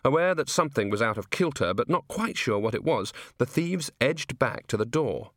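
Male audiobook narrator, wry and measured, lively pitch, dry close sound. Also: dry recording. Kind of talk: scripted narration.

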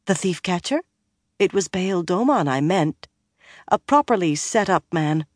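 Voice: mid-range voice, expressive, unhurried, no echo, studio quality, pitched above the performer's own voice. An audiobook narrator voicing a stiff, blunt foreign woman officer who speaks formally.

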